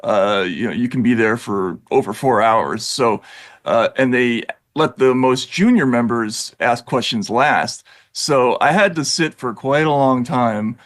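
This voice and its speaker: A man appearing as a guest commentator on a political talk show, telling an anecdote in a measured way with fillers. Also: medium pitch.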